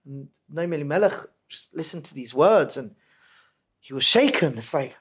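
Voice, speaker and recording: Man guest, animated storyteller, wide pitch swings. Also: moderate pace, slightly rough. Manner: animated, swings from hushed to loud.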